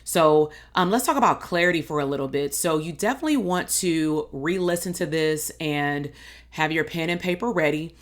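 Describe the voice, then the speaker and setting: A woman's voice: sits low, normal speed. A woman in her thirties hosting a podcast, giving upbeat, encouraging advice in a casual, slangy way. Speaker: podcast host and business coach. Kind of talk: motivational podcast monologue.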